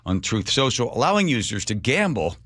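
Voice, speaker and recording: A man's voice: mid-range voice, sing-song, brisk, fairly bright tone, no echo, studio quality. A male radio talk show host giving casual, wry commentary with sarcastic asides.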